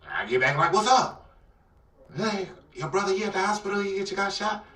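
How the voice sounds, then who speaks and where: A man with an Atlanta accent telling a dramatic personal story in an interview, acting out the voices and swinging between loud outbursts and near-whispers. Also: high-pitched, lively intonation, a little fast. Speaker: guest telling his life story. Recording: roomy, somewhat distant mic.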